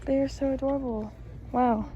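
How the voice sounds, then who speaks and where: A woman in her early twenties filming a casual shopping vlog inside retail stores, talking excitedly and gushing over what she finds. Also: high-pitched, moderate pace, lo-fi sound, over music. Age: early 20s. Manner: excitable, gushing, exclaims often. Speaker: vlogger. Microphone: handheld phone camera.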